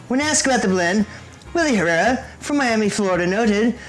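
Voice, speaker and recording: A man's voice: high voice, lively intonation, fairly quick, soft background music, low-quality recording. A man co-hosting a cigar review show, chatting casually in a laid-back, joking, rambling way. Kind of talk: casual chat.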